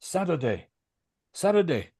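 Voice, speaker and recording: A man's voice: a little high, sing-song, a little slow, a little mellow, breathy edge, dry recording, studio quality, voice pushed up, heavily acted. A man voicing his generous neighbor from abroad, in short, friendly phrases.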